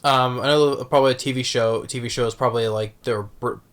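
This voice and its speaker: A man talking casually as a movie reviewer, halting with many restarts and fillers. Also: mid-range voice, fairly even intonation, a bit bright. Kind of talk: casual vlog talk.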